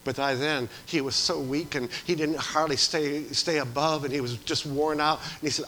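A man preaching a sermon as pastor, swinging from loud to hushed. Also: on the high side, steady tone, normal speed, hardly any pauses, poor audio.

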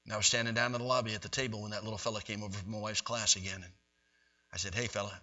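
A man preaching in a church, telling stories in a folksy, animated way. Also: on the low side, very fast. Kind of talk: sermon storytelling. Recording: dull, distant recording.

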